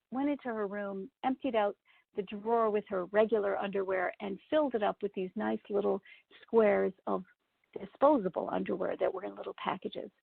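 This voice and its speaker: A woman with a strongly gravelly, husky voice shares a personal story as a lesson for event professionals, turning to her listeners with asides. The sound is thin and phone-like, dry with no room around it. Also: mid-range voice, no room sound. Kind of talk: storytelling talk.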